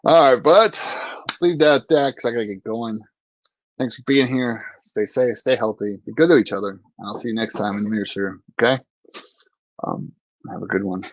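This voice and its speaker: A man's voice: mid-range voice, moderate pace, dry recording. A male podcast host tells a rambling story in loose, laughing chat full of fillers. His voice sits mid-range. The sound is dull, lo-fi and completely dry. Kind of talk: casual chat.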